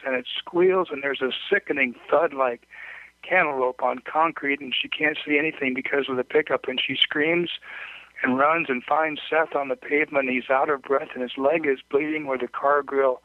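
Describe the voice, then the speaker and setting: Guy reading a short story out loud, steady and plain, kinda high voice, tinny phone-ish sound. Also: dry recording. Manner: measured, plain reading with occasional slips. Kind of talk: read-aloud short story narration. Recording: dry, tinny phone-like recording.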